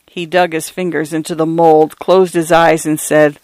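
A man reading a story aloud in a measured, dramatic way. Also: fairly high pitch, level tone, darkish tone, smooth, no echo, rough recording. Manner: dramatic, measured, lingering on phrases. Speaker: narrator. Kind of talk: storybook narration.

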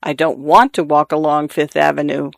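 A man's voice: on the high side, level tone, moderate pace, vocal fry, no echo, studio quality. A man reading a story aloud and voicing a bitter, idle husband who answers bluntly and sullenly. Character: bitter, idle husband, former athlete, drinking.

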